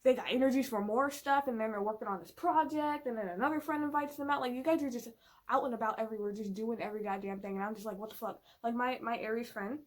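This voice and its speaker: Woman vlogger, slightly high-pitched, loose profane casual chat, playful and emphatic. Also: quick pace. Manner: profane, filler-heavy and chatty.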